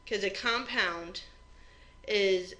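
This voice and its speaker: A woman's voice: mid-range voice, extremely slow, fairly bright tone, muffled recording. A woman teaching chemistry, walking through an exam review step by step in a plain conversational way. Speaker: chemistry instructor. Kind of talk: recorded exam review lecture.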